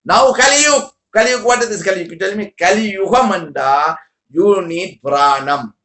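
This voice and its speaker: A man giving a spiritual talk to a group in halting, repetitive English. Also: high voice, bright, forceful tone, roomy sound. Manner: broken English, repetitive, rambling. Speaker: spiritual teacher.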